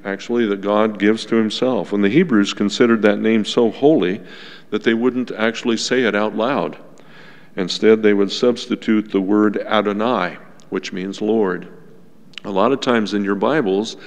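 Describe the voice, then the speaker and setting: A male pastor preaching a sermon to his congregation in a gentle, unhurried teaching tone, with asides to the listeners. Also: fairly low pitch, gravelly. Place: church sanctuary. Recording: long church reverb.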